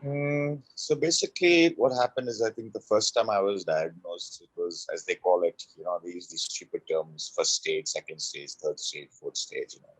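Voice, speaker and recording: A man's voice: sits low, moderate pace, husky, dry recording, poor audio. A middle-aged man telling his personal story as an interview guest, heartfelt and repeating phrases for emphasis.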